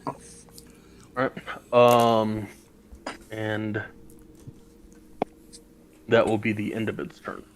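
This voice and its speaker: A man's voice: lowish voice, little pitch movement, extremely slow, pauses often, slight background noise, rough recording. A man running a tabletop game as game master, talking with hesitant fillers.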